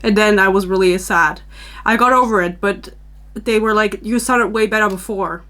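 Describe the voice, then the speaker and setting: A woman's voice: mid-range voice, fairly even intonation, normal speed, fairly bright tone. A young woman from Germany hosting a podcast, chatting casually in a rambling, self-deprecating way, recorded on a camera-mounted microphone. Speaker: podcast host. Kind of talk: casual chat.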